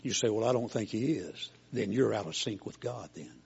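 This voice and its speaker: A man's voice: lowish voice, expressive, moderate pace, gravelly, a little mellow, breathy edge, lo-fi sound. An older man preaching a sermon in a folksy, homespun storytelling way, as a preacher.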